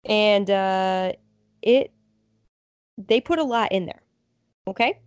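A young adult woman co-hosting a casual chat, telling stories with lively acted-out quotes. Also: medium pitch, slow pace, no room sound. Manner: animated storyteller, acts out quotes. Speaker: podcast co-host.

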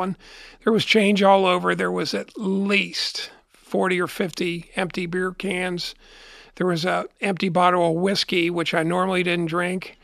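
Middle-aged guy rambling through a story, kinda high and gravelly, super dry sound. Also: fairly bright tone, no echo. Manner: rambling, repeats words and restarts. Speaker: interview guest. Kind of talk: casual storytelling in an interview.

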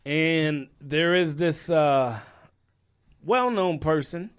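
A man's voice: a little high, extremely slow, clean tone. A man co-hosting a casual group podcast, joking around and steering the talk to new topics. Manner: laughs often, leads the topic changes. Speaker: podcast co-host.

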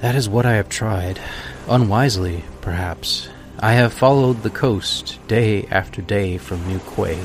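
A man voicing a weary, sleepless, despairing man in a storybook reading, speaking slowly and broodingly. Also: lowish voice, faint music behind. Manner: slow, weary, brooding speech.

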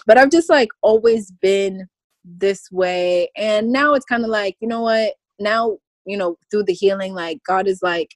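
A woman's voice: medium pitch, measured pace, no room sound. A woman speaking as a podcast guest in casual conversation, emphatic and goofy, often breaking into laughter.

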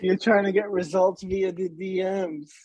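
A woman's voice: mid-range voice, steady tone, measured pace, a little mellow, breathy edge, poor audio. A woman in casual chat, chiming in with dry, teasing comments.

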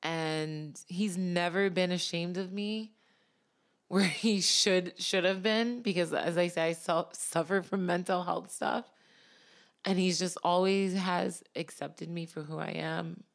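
A woman guest on a podcast, telling a personal story in a tearful, halting way and laughing through the emotion. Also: on the low side, steady tone.

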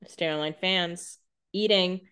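Podcast co-host, woman, somewhat low voice, quick chatty reactions. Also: steady tone, sharp tone, clean tone. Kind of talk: casual recap chat.

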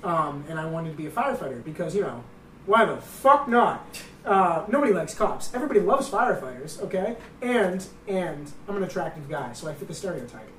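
A man's voice: on the high side, lively intonation, fast, few pauses, a little hiss or hum. A young man co-hosting a casual podcast, full of profane, self-mocking jokes and banter. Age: young adult. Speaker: podcast co-host. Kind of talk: casual chat. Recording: roomy echo, distant mic.

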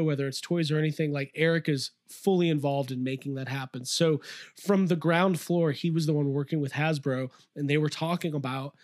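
A man's voice: a little high, dry recording, studio quality. A man co-hosting a casual podcast from his toy room, enthusiastic and rambling with lots of fillers. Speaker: podcast co-host. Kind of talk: casual chat.

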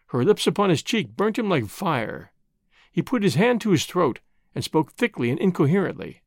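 A narrator reading a classic short story aloud in a measured, expressive way. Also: medium pitch, dry recording, studio quality.

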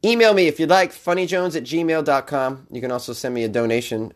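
A man's voice: a little high, a little fast. A man hosting his own podcast in a loose, jokey, rambling way, often laughing at his own lines. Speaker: podcast host. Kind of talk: casual solo podcast chat.

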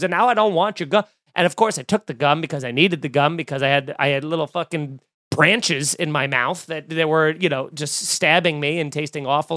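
A man's voice: fairly high pitch, no room sound, studio quality. Exasperated man telling a comic story. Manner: animated, exasperated, lots of fillers and restarts. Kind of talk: casual comedic storytelling.

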